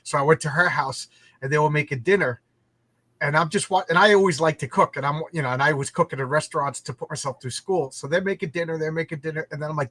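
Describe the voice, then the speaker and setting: A man's voice: a little high, fast, a bit bright, no echo. A man from New York hosting a casual livestream chat, rambling and chatty, often stuttering and repeating his words. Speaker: livestream host.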